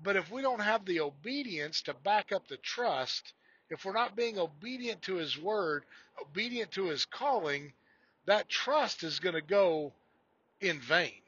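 A man delivers a casual devotional sermon and tells folksy stories, often restarting his phrases. His voice sits high and bright. The recording is dry, with a slightly muffled, lo-fi tone. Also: animated, a little slow, breathy edge, no room sound. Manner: folksy storytelling with frequent restarts. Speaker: podcast preacher.

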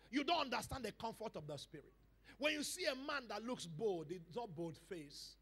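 A male pastor preaching a sermon to a church congregation, dropping to hushed lines and rising to loud shouted calls, repeating phrases for emphasis. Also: high-pitched, expressive, fairly quick. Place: church service.

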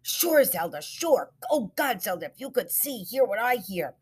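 A woman's voice: very animated, moderate pace, a little mellow, husky. A woman voicing Bella, a startled 55-year-old woman who hears ghostly voices at night, speaking in an urgent, breathless way. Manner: breathless, urgent, rising pitch.

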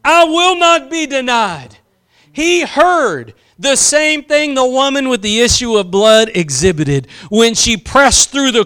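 A man's voice: very high-pitched, a bit bright, smooth. A man preaching a sermon, impassioned, drawing out key phrases for emphasis and acting out quotes.

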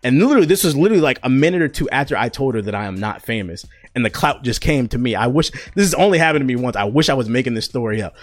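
A man's voice: medium pitch, lively intonation, rapid-fire, few pauses, dry recording. A young man hosting a podcast, telling stories in a loose, profane, slangy chat full of fillers, on a close mic. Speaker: podcast host. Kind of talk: casual storytelling chat.

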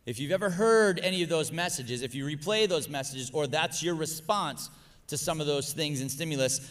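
A middle-aged man preaching a sermon, animated, acting out exasperated rants in a high, strained voice. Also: big-room sound.

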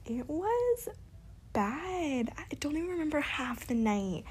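A woman's voice: sits high, big pitch swings, slow, a little mellow, a little hiss or hum. A young woman vlogger telling a story in casual chat, swearing freely and laughing through it. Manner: profane, laughing, bubbly.

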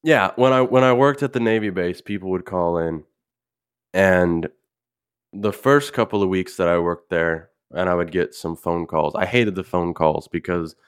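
A man's voice: deep voice, normal speed, clear, resonant tone, no room sound, studio quality. A man co-hosting a podcast in casual chat who speaks bluntly and breaks into a rant. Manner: blunt, ranting. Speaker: podcast co-host.

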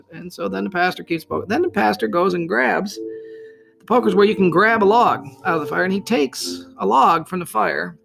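Man preaching, story-telling, rambling and conversational, gravelly voice, instrumental music underneath. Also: sits high, moderate pace. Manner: rambling, conversational, many restarts. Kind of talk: sermon storytelling.

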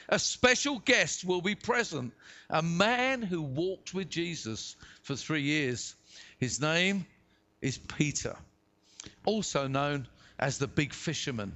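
High, lively British-raised pastor preaching. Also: male voice. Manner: dramatic, acts out voices in the reading. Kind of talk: sermon with scripture reading. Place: church hall.

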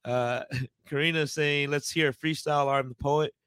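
Bright-voiced, joking podcast co-host man. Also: fairly high pitch, steady tone, clean tone, no echo. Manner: laid-back, joking, quick to laugh. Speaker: podcast co-host reading viewer comments. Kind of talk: casual podcast chat.

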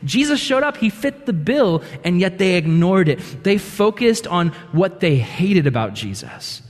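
A man preaching a sermon as a pastor on a church stage, telling scripture stories with lively acted-out quotes. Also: high voice, a little slow, big-room sound. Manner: animated storytelling with acted-out quotes.

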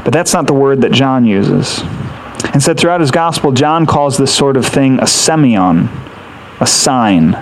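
A man delivers a sermon in an earnest teaching manner, walking listeners through a scripture passage. His voice sits at an ordinary pitch, and he keeps asking rhetorical questions to draw them in. A faint layer of noise runs under the recording. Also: expressive, a little slow, poor audio. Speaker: pastor.

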